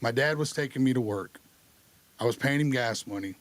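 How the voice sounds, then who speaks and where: A man's voice: mid-range voice, brisk, dry recording. Man, podcast guest, candid storytelling, casual, dry sound. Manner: candid, lively retelling with acted dialogue. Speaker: podcast guest sharing his recovery story.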